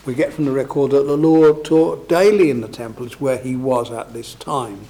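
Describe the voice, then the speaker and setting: A man's voice: medium pitch, steady tone, moderate pace, warm tone. A man preaching a sermon, expounding scripture in a conversational way and often asking his listeners tag questions.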